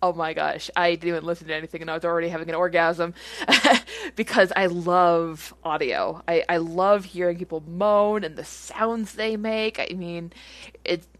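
A woman's voice: on the low side, normal speed, fairly bright tone. A woman chatting casually as she answers listener questions. She rambles with lots of fillers and giggles. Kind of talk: casual chat.

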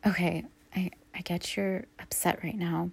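A woman in a whispered role-play, soft and halting as she apologizes to an upset partner. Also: lowish voice, little pitch movement, gravelly, husky. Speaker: audio role-play performer playing a girlfriend.

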